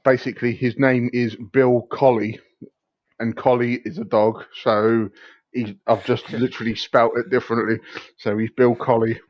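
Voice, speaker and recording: A man's voice: medium pitch, little pitch movement, normal speed, no echo. A man co-hosting a casual podcast, laid-back and hesitant, chuckling at his own jokes. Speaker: podcast co-host. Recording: dull lo-fi dry mic.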